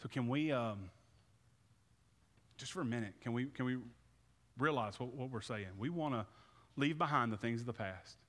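A pastor in his thirties preaches in a relaxed, conversational way, stumbling over and repeating his words as he builds toward an altar call. His voice sits at an ordinary middle pitch. A long reverb from the church hall trails each phrase. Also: moderate pace, long pauses. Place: church sanctuary.

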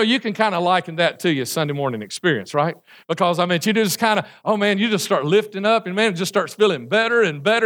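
A man, a pastor preaching a sermon and telling stories in an animated way. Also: sits high. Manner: animated storytelling, acting out prayers and screams.

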